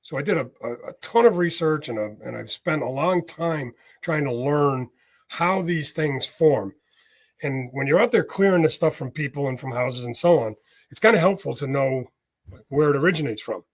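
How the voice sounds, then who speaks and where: A man's voice: on the high side, normal speed. Man explaining with folksy examples. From United States. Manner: explains with homely examples, frequent "right?". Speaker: guest, medium. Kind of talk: casual interview talk.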